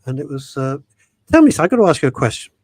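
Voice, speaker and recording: A man's voice: medium pitch, quick pace, no echo. A man hosting a radio show, chatting casually and animatedly, joking and mimicking others. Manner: jokey, animated, mimics voices for effect. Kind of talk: casual showbiz chat.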